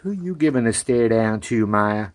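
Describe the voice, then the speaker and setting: A man's voice: medium pitch, animated, normal speed, noisy background. A man, chatting casually outdoors on a back porch and calling to puppies in a coaxing, sing-song voice. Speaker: dog breeder showing puppies. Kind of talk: casual chat to camera and puppies.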